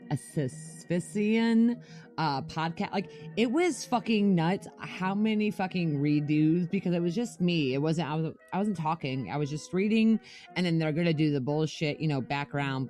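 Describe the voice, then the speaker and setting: Brief: woman co-host, low register, slight lisp, loose and profane. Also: darkish tone. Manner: loose, swearing, laughs often. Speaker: podcast co-host. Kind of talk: casual chat.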